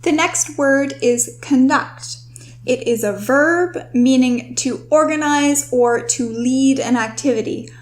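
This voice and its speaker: This is a young woman, a host and writing tutor, whose voice is fairly high. In her scripted vocabulary lesson she walks through each word clearly and instructively, easing her pace to stress the important terms.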